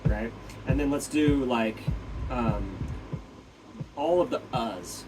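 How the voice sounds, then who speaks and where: A man's voice: mid-range voice, slow, over loud music. A man giving a casual drum lesson, counting beats aloud and asking "right?" as he explains. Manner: counts beats aloud while demonstrating on a practice pad; loose, filler-heavy explaining with frequent "right?". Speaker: drum teacher. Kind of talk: casual instructional talk. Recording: distant mic with loud drum-pad noise.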